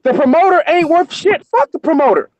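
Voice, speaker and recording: A man's voice: very high voice, sing-song, brisk, darkish tone, no echo. An American man co-hosting a boxing live stream, ranting angrily and cursing nonstop. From United States. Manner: profane, angry, ranting. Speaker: co-host on a boxing show. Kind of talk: heated live-stream rant.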